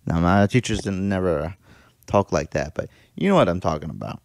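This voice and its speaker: A man's voice: deep voice, lively intonation, brisk, vocal fry, dry recording, studio quality. A man in his thirties hosting a reaction video, talking casually, laughing often and swearing freely. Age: 30s.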